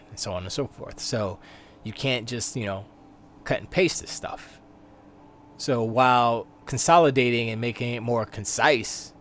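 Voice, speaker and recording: A man's voice: medium pitch, a little hiss or hum. Male live stream host, casual gaming news commentary, rambling. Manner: rambling, riffs on the news he reads.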